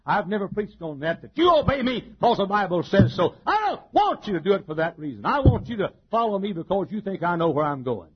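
A male pastor preaching a folksy, joking sermon, chuckling often and swinging between loud and soft. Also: high voice, big pitch swings, fairly quick, husky. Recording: dull lo-fi sermon recording.

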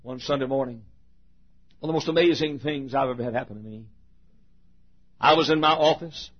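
Male pastor, emotional sermon storytelling; husky, raised pitch; lo-fi muffled recording. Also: brisk. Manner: emotional storytelling with repetitions, shifting volume. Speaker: preacher.

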